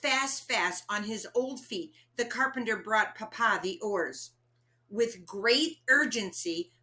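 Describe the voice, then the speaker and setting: A woman reading a picture book aloud to children, expressive and asking them questions. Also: mid-range voice. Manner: expressive, asks listeners questions.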